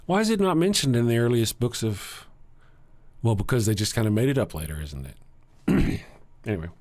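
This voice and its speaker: A man with a Southern US accent, hosting a casual livestream and answering chat. He sounds tired, talks bluntly and sarcastically, and clears his throat often. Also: medium pitch, sing-song, moderate pace, a little mellow. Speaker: livestream host reading chat.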